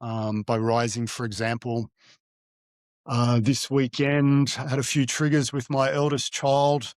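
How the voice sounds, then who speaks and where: A middle-aged man, a guest telling a personal story in an interview, halting and searching for words with frequent fillers and restarts. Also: mid-range voice, flat delivery, no echo, studio quality. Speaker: guest, divorced father.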